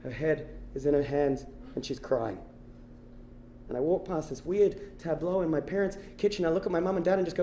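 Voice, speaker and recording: A male comedian telling a long true story to a live audience. His voice sits high and he talks quickly, dropping to a hush and then bursting out loud. The sound rings around a roomy theatre. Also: a little hiss or hum. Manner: animated, swings from hushed to shouting. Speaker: stand-up comedian. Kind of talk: storytelling stand-up. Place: stage before a live audience.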